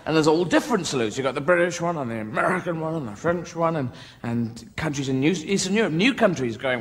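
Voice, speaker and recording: A man's voice: a little high, quick pace, few pauses. A man performing a rambling stand-up comedy routine, acting out little voices as he goes. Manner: rambling, animated, acts out quoted voices. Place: large theatre stage. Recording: live hall with audience noise.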